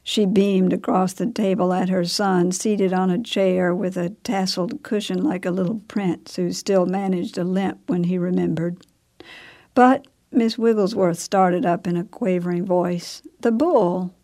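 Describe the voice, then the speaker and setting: A woman narrating a story in a measured, unhurried way. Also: fairly low pitch, steady tone, dark tone.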